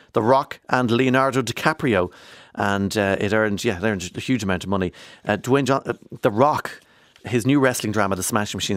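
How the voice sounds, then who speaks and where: A low-voiced Irish man hosting a radio show, chatting away in a loose, rambling way with playful asides. The sound is dry and close, straight into a studio microphone. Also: no room sound. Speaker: radio presenter. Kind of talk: casual radio chat.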